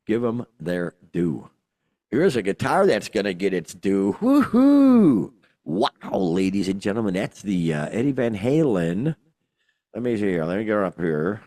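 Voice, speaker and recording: An older man with a very low voice and a lively, swooping delivery, chatting casually as a podcast co-host. He rambles, jokes and throws in exclamations, and the sound is close and dry. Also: normal speed, no room sound. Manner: rambling, joking, frequent fillers and exclamations. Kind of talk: casual chat.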